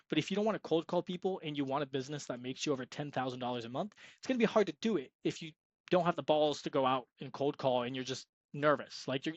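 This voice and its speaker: A man's voice: fairly high pitch, no room sound, lo-fi sound. A young man giving an upbeat, salesy screen-share tutorial on freelance web design, sometimes acting out sample sales calls. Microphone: screen-recording mic.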